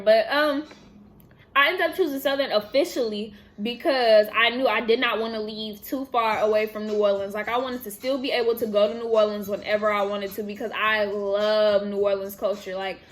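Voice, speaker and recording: A young woman in her twenties from the Bay Area, chatting casually and animatedly while answering viewer questions in a vlog. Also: fairly high pitch. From San Francisco Bay Area. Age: 20s. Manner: chatty, animated, laughs and trails off. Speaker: vlogger.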